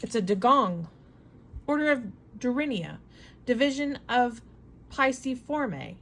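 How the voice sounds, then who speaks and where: A woman reading a storybook aloud, voicing an excitable, learned male servant who lists facts precisely and rises high when excited. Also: slow, full character voice.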